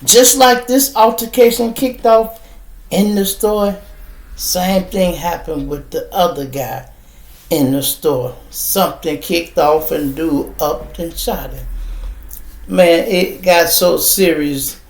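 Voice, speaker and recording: A man hosts his podcast and tells a street story in loose, profane talk. His voice is gravelly. The room around him has an echo. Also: on the high side, slow. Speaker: podcast host. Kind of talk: casual storytelling monologue. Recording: roomy echo.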